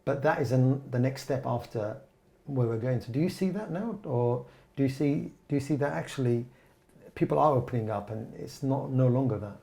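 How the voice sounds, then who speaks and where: A man's voice: mid-range voice, normal speed, creaky, warm tone. A man hosting a panel discussion, asking guests probing, layered questions. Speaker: host, interviewer.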